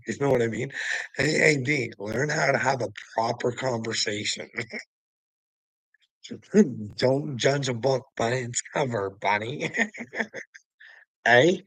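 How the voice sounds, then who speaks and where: In a rough, dry recording, a livestream host taunts a viewer in a profane, preachy monologue, laughing often and calling him "bud" and "brother." His medium-pitched, slightly bright voice has a breathy edge, and he takes it slowly with frequent pauses.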